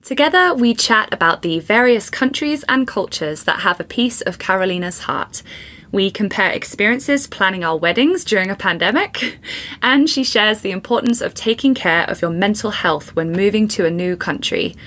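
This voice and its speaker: A woman's voice: mid-range voice, animated, normal speed, fairly bright tone. A woman hosting a podcast in an upbeat, friendly way. She reads a scripted intro, then moves into casual interview chat. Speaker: podcast host.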